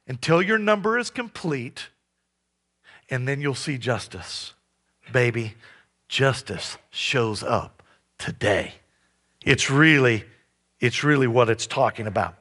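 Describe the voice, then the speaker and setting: A man preaching a sermon, animated, asking his listeners rhetorical questions. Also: high voice. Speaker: pastor.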